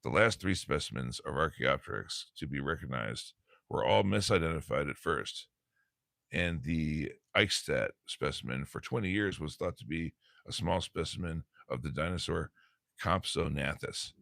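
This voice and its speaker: Deep gravelly laid-back man teaching. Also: lively intonation, normal speed, fairly bright tone, no echo, studio quality. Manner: laid-back, stumbling over words, slangy. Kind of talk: casual lesson, reading a textbook aloud. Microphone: phone.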